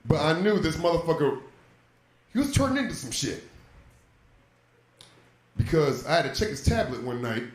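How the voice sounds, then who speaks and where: A man's voice: very animated, moderate pace, long pauses. Profane storytelling male stand-up comic. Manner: profane, storytelling, swings into loud high quoted voices. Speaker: stand-up comedian. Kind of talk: stand-up comedy set. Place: comedy club stage, live audience. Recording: roomy club echo.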